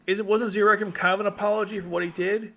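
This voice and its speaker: A man's voice: sits high, little pitch movement, racing, a bit bright. A man hosting casual gaming commentary, exclaiming in frustration as his voice cracks. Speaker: YouTube host.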